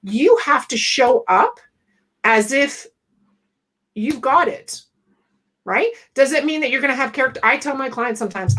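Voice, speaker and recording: A woman's voice: high voice, big pitch swings, measured pace, a bit bright, low-quality recording. A woman business coach talking bluntly and with lots of energy in a podcast conversation, laughing often. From West Indian family.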